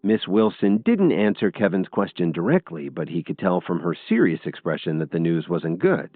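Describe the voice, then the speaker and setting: A man narrating a scripted audiobook story in an expressive storytelling manner. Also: sits low, moderate pace, hardly any pauses, no room sound. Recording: tinny phone-like audio with faint music.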